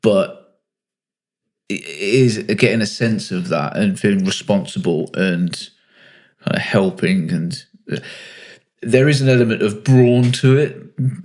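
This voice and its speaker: A man hosting a podcast, chatting in a relaxed, self-mocking way and thinking aloud. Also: fairly low pitch, a little slow. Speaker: podcast host. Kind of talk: casual podcast chat.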